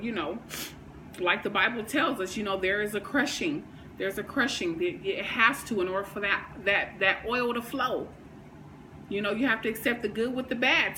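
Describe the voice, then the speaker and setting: A woman, talking candidly on her vlog, emotional and faith-filled, swinging from hushed to fired up. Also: medium pitch, slight background noise, poor audio. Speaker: vlogger. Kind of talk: candid personal vlog talk.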